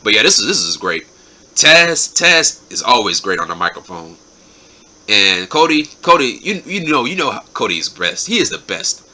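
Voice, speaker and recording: A man's voice: on the low side, very animated, moderate pace, bright, forceful tone. A man hosting his own show, giving a casual, enthusiastic spoken recap and often repeating his words. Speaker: show host reviewing wrestling episodes.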